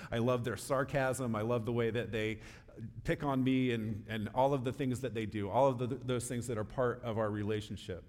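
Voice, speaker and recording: A man in his forties, a pastor reading the gospel and preaching in a relaxed, conversational way with light humor. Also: mid-range voice. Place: church sanctuary. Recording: long church reverb.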